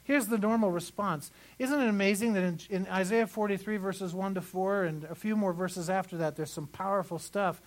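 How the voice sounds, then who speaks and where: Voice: mid-range voice, normal speed, hardly any pauses, poor audio. Pastor, mid-range voice, chatty sermon delivery that leans on repetition. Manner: conversational, repeats phrases for emphasis.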